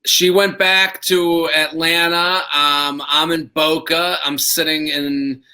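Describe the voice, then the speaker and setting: A man's voice: a little high, flat delivery, slow, sharp tone, rough recording. A male stand-up comedian in casual chat, rambling and self-aware, with many fillers.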